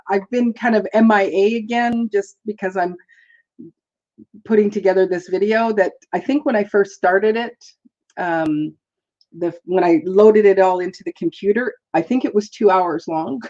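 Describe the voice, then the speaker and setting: A woman's voice: mid-range voice, animated, unhurried, a little mellow, dull audio. A woman hosting a live stream, chatting in a rambling, casual way, laughing often and greeting viewers. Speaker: livestream host.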